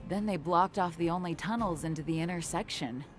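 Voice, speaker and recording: A woman's voice: on the low side, fairly quick, soft background music, close to an everyday voice. A woman voicing a shaken young woman miner. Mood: flustered. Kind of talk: video game voice acting.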